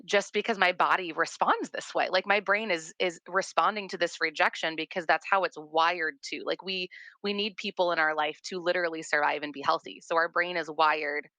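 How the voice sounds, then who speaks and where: A woman in her thirties, a guest therapist, talking in an animated and earnest way, often repeating words. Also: lowish voice, moderate pace, no echo. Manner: animated storyteller, warm and earnest, repeats words as she talks. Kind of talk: casual conversation.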